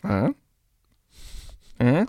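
A man's voice: extremely slow, heavy background noise. A man co-hosting a comedy podcast, trading provocative jokes in casual banter. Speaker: podcast co-host.

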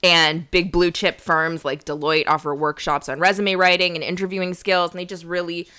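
A woman with a bright, crisp voice that sits a little low for her, chatting casually as a comedy podcast co-host. She rambles through a story with fillers and jokes around easily. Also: flat delivery, moderate pace. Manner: rambling, laughs a lot, jokey. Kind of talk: casual chat.

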